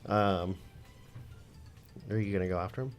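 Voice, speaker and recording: Man, player, tabletop game, low-pitched, practical, hesitant. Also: normal speed, faint music behind. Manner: practical, planning, hesitant restarts. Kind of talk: casual play at a tabletop game.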